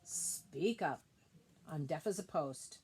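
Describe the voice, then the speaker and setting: A woman's voice: low-pitched, expressive, takes it slowly, a little mellow, slightly rough, heavily acted. A woman voicing a cross, sleepy old owl who is deaf, speaking in a scratchy, curt voice. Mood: grumpy. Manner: grumpy, curt.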